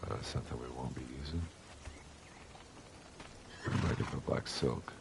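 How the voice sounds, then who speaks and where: A man's voice: a bass voice, normal speed, vocal fry, noisy background. A man giving casual, rambling, profane commentary while playing a game, with wry asides. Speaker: gamer. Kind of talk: casual let's play commentary.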